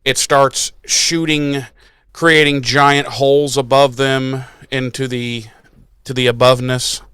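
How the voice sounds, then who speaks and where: A man's voice: medium pitch, flat delivery, slow, a bit bright, clear, resonant tone, no room sound. A man co-hosting a podcast, recapping an episode in casual chat with wry, profane asides. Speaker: podcast co-host.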